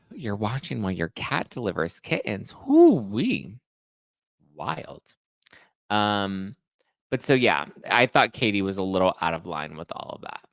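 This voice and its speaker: A man's voice: fairly low pitch, expressive, moderate pace, fairly bright tone, no room sound. A man hosting a podcast, chatting casually and with sass while recapping reality TV. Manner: chatty and sassy, acts out quotes. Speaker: podcast host.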